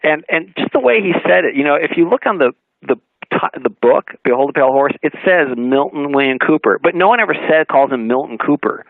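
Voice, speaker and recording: A man, an author guest on a radio talk show, telling an anecdote in a lively way, acting out dialogue and laughing often. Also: a little high, a little fast, creaky, no room sound. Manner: animated storyteller, acts out dialogue, laughs often. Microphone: phone call-in. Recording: narrowband phone line, dry.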